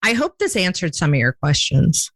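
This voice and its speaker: A woman hosting a podcast in casual, playful chat, talking quickly with lots of "like". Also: on the low side, huge pitch swings, no echo. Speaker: podcast host.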